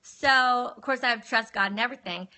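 Bright, animated woman telling her story. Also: a little high, a little fast. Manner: animated, addresses viewers as y'all. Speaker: livestreamer sharing her life story. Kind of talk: casual personal storytelling. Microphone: phone livestream.

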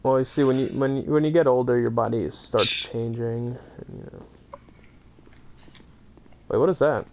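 A man's voice: medium pitch, a little slow, vocal fry, pauses often, darkish tone. Joking young man gaming, gunfire noise. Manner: joking, crude, laughs often. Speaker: gamer. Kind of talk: casual chat over gameplay. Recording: game gunfire and engine noise behind.

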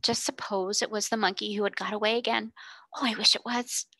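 A woman voicing a kind, gentle young girl who speaks softly and earnestly, often near a whisper. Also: mid-range voice, normal speed, vocal fry, no echo. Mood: tender.

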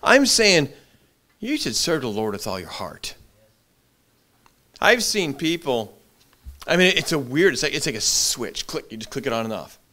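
A middle-aged man preaching a sermon as pastor, animated, repeating his words as he builds. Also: mid-range voice, normal speed, long pauses. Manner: animated preaching, acts out short quoted voices, frequent repeated words.

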